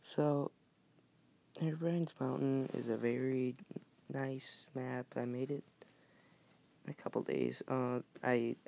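A man giving a casual screen-recorded game tutorial, talking softly and often near a whisper, rambling with restarts. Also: medium pitch, steady tone, slow, creaky, pauses often. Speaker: mobile game modding tutorial maker.

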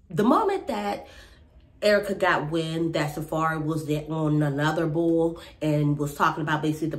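A young woman casually recapping a reality TV episode in a rambling, chatty way with lots of fillers. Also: low voice.

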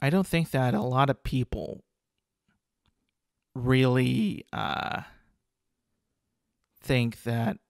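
A man's voice: mid-range voice, lively intonation, drawn-out words, vocal fry, pauses often, dry recording, studio quality. A man hosting a casual solo podcast, rambling with lots of "like" fillers, restarts and casual swearing. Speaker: podcast host.

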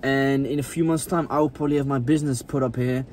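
A man's voice: medium pitch, steady tone, quick pace, darkish tone, a little hiss or hum. A young man vlogging from inside a car, chatting casually and swearing now and then.

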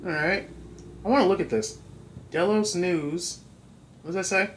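At a moderate pace, a high-voiced man runs a gaming channel playthrough, chatting, reading the on-screen text, and commenting on little details. A bit of hiss or hum comes through the low-quality recording.

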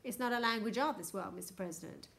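A woman's voice: medium pitch, fast, a bit bright, natural voice. A woman voicing a nervous, deferential male interpreter who speaks politely and fussily. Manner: polite and fussy.

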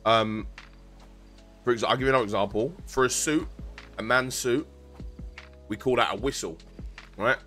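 A man's voice: medium pitch, normal speed, pauses often, pushed and bright, soft background music. A man from South East London with a London accent, chatting casually to his stream viewers in a rambling, explaining way with some swearing.

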